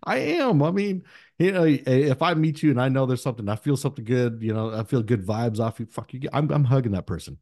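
A man's voice: mid-range voice, a little fast, no room sound, clean studio sound. A man hosting a podcast, chatting casually, swearing freely and laughing as he tells stories. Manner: profane, laughing, animated storyteller. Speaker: podcast host. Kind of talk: casual chat.

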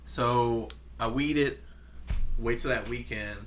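A man's voice: mid-range voice, slow, a bit bright, slight background noise. A man telling a long casual story as a podcast co-host, swearing often and imitating engine noises.

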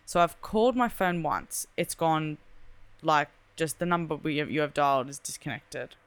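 A young woman telling a story in casual chat, animated and full of "like", acting out the voices in it. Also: deep voice, moderate pace, smooth. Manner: animated, chatty, lots of "like", acts out quoted voices.

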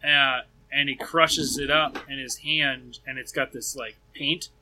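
A man's voice: mid-range voice, fairly even intonation, unhurried, pushed and bright, slight background noise, low-quality recording. A man running a tabletop game as game master, easygoing and hesitant with fillers.

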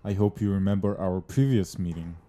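A man playing a formal interrogator questioning an accused woman in an audio drama, measured and insistent. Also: deep voice, warm tone, natural voice. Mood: stern. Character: stern male interrogator, officious and persistent.

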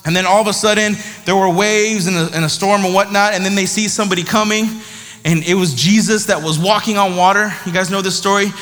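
A man giving a sermon in a lively, conversational way, often tossing in "right?" to his listeners. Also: sits high, brisk. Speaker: preacher. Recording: long hall reverb.

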